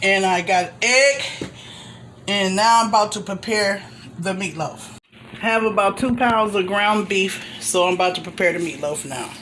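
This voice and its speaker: A woman's voice: medium pitch, normal speed, a bit bright, a little hiss or hum. An older woman hosting a home cooking show, chatting homily through each step as she cooks in her kitchen. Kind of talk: casual step-by-step cooking demo. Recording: kitchen clatter of pots and dishes. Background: cutlery and pots clanking.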